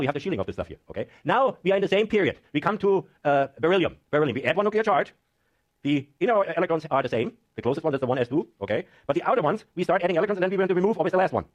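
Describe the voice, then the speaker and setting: Guy lecturing a chem class super fast, voice jumps all over, keeps asking the room questions. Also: fairly high pitch, lo-fi sound. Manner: lively, questioning the class, frequent "okay?". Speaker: chemistry lecturer.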